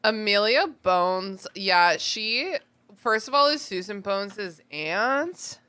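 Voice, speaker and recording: A woman's voice: mid-range voice, animated, takes it slowly, sharp tone, clean tone. A woman co-hosting a podcast in casual chat, laughing often and swearing as she recaps a book. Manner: laughs often, swears, slips into quoted voices. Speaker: podcast co-host.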